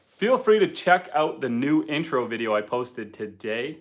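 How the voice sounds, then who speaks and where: A man's voice: mid-range voice, sing-song, a little slow, hardly any pauses. A man hosting a homestead livestream from home by the fire, chatting easygoingly and reading out viewer comments. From Canada. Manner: easygoing, chatty, with frequent ums and uhs. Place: indoors at home by a wood stove fire.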